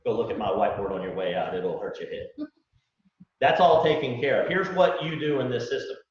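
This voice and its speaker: A man gives a live sales pitch to a room of recruits, folksy and full of rhetorical questions, acting out little dialogues. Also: very animated, fast. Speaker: business owner presenting to recruits. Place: large event room with live audience. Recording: echoey hall, distant mic, dull lo-fi.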